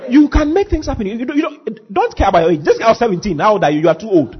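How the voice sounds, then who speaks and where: A husky-voiced man preaching a sermon as pastor, acting out scenes and shouting at the peaks. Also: high voice, animated, rapid-fire, dull audio, a faint crowd.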